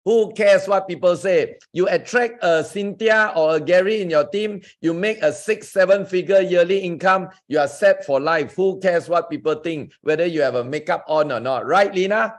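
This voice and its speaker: A man with a slightly raised pitch coaching over a video call. He speaks in an emphatic, motivational way, cheering his listeners on and asking them direct questions. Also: moderate pace, few pauses. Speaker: network marketing coach hosting a Zoom session. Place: online Zoom group call.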